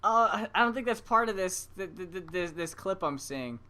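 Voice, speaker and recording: A co-host talking loosely on a podcast, backtracking while trying to recall old TV episodes. The voice is mid-pitched with a bright edge. Swearing and laughter come easily. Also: lively intonation, moderate pace, clean tone. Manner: rambling, laughs along, swears casually. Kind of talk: casual chat.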